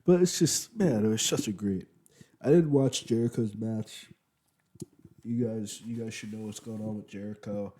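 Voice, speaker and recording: Laid-back man with a low, mellow voice. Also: moderate pace. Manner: rambling, loose, many fillers. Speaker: wrestling show reviewer. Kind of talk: casual spoken review. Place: at home, eating while recording.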